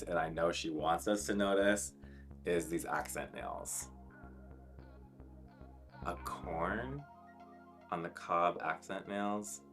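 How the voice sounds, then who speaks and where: A man's voice: deep voice, fairly bright tone. A drag queen, a man, giving blunt, sassy and profane commentary on runway looks in a chatty, filler-heavy way.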